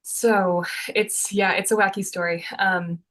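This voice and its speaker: A woman's voice: medium pitch, fairly even intonation, a little slow, fairly bright tone. A young adult woman on a podcast, telling a personal story in a chatty, earnest way with many fillers. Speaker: podcast co-host. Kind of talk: casual conversational storytelling.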